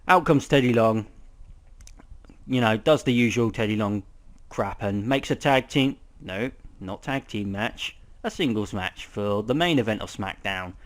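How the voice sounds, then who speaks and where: A young man giving a casual, rambling review of a wrestling show, swearing often and filling pauses with ums. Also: on the low side.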